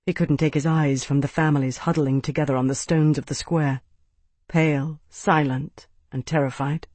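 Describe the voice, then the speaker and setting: A man narrating an audiobook in a measured, even storytelling voice. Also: on the high side, dry recording. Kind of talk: scripted narration.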